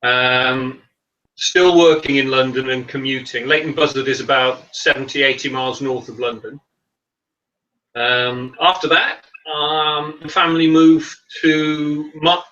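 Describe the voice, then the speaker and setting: Welsh-raised man, bright and chatty author guest, sounding a bit off-mic over a dull video call. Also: mid-range voice, recorded from a distance. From Wales. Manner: self-deprecating, chatty with frequent ums. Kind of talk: casual video-call interview. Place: home, via video call.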